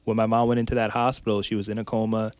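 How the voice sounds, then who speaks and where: A man speaking as a podcast guest and life coach, telling a personal story in a candid, emotional way, with quick restarts. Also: on the low side, little pitch movement, clear, resonant tone, no echo.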